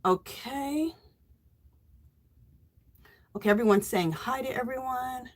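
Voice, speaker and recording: A woman hosting a casual crafting live stream, warmly greeting viewers by name and reading their chat messages aloud. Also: high voice, takes it slowly. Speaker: livestream host.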